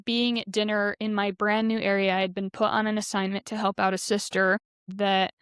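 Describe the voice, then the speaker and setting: A woman's voice: mid-range voice, flat delivery, a little fast, fairly bright tone, clean tone, no room sound, clean studio sound. A woman in her twenties, a podcast guest, earnestly recounting a personal story with lots of "like" fillers. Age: 20s. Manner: earnest, heavy use of "like".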